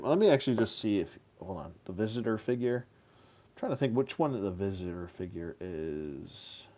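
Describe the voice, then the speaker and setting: A man's voice: on the low side, darkish tone. Chatty, goofy man reviewing toys. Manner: chatty, goofy, hums silly rhymes. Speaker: toy collector reviewing action figures. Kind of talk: casual hands-on review.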